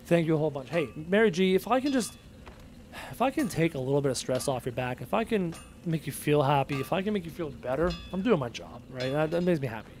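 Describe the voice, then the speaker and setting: A man's voice: fairly high pitch, animated, fast talker, darkish tone, soft background music. A young man live-streaming a game, casually reading chat messages aloud and answering them playfully. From Irish descent.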